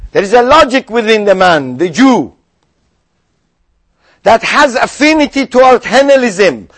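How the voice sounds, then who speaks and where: Animated man preaching with swinging pitch. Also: unhurried. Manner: animated, voices mock objections then drops to quiet asides. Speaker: rabbi. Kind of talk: sermon.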